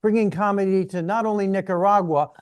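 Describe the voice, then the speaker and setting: A man's voice: high voice, steady tone, brisk, clean tone. A man hosting a podcast, speaking in a sincere, encouraging way to his guest. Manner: encouraging, sincere sign-offs. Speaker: podcast host. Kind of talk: podcast interview.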